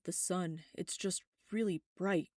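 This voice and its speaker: A woman voicing a gentle young male vampire, quiet and strained, in a storybook reading. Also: lowish voice, steady tone, slow pace, no echo, clean studio sound. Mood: pained.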